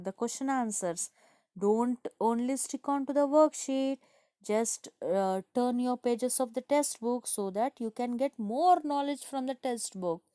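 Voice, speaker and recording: A woman school teacher with an Indian English accent, giving an online grammar lesson to children, explaining slowly and answering her own questions. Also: on the high side, warm tone, smooth, dry recording, clean studio sound. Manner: slow, repetitive explaining, asks and answers herself.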